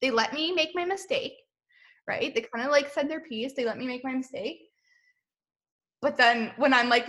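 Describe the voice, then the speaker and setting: A woman in her thirties talks as a podcast guest in a loose, rambling way, full of "like" and "um." She often laughs at herself. Her voice is bright and sits a little high. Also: moderate pace, pauses often. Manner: chatty, self-deprecating, laughs often, many fillers. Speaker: podcast guest, boutique owner. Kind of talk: casual interview chat.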